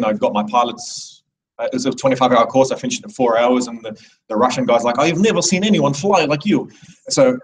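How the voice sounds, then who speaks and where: A man's voice: mid-range voice, distant mic, poor audio. A man in his thirties giving a rambling, digressive live speech to an audience, with many restarts. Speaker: speaker at a live event.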